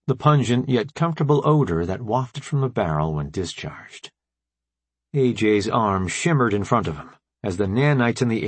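A man narrating an action audiobook in a steady, dramatic storytelling manner. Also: fairly low pitch, slightly rough, no echo.

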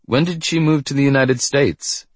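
A man's voice: mid-range voice, normal speed, breathy edge, no room sound, voice pushed up, natural voice. A man voicing an earnest, curious young man in a storybook reading.

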